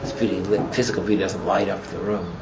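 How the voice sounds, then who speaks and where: A man's voice: sits low, quick pace. Rambling male teacher telling a story. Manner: rambling, heavy "you know" fillers, grows animated in the story. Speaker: religious teacher. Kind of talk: storytelling class lecture. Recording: muffled with steady background noise.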